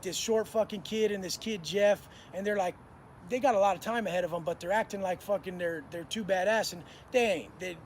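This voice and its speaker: A man's voice: high voice, slight background noise. A man in his thirties telling prison stories in a blunt, profane, slang-heavy way. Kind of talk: casual storytelling to camera.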